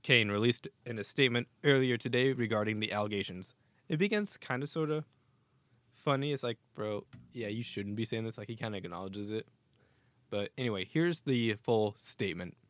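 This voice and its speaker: A man's voice: lowish voice, moderate pace, fairly bright tone, no room sound. A man hosting a casual hockey news podcast, reading statements aloud with offhand asides. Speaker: podcast host.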